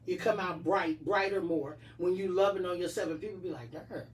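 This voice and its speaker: A middle-aged woman in casual chat, giving animated, preachy encouragement and playful self-talk. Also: lowish voice, a little fast. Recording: distant mic with faint noise.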